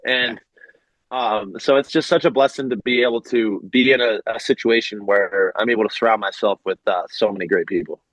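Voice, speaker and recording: A man's voice: fairly low pitch, fairly even intonation, a little fast, a bit bright, dry recording, low-quality recording. A young man in his twenties, a guest in a casual interview, speaking earnestly and from the heart with lots of "like". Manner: earnest, heartfelt, many fillers like "like". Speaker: guest, baseball pitcher.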